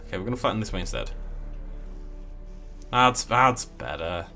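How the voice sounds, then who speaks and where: Man, game commentary, playful and mock-dramatic, very lively pitch. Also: moderate pace, creaky, faint music behind. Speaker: gameplay commentator. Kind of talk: casual let's play commentary.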